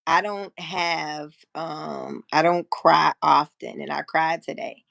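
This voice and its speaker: Speaking slowly in a low, gravel-edged voice, this fifties-aged livestream host shares a story from her own life, cursing freely and voicing each person's lines herself. The audio is close-miked and dry, with no sense of the room around her.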